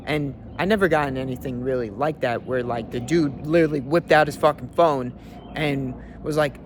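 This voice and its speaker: A man's voice: medium pitch, moderate pace, slight background noise. A young man, a fitness coach, giving a brash, profane motivational rant from his car.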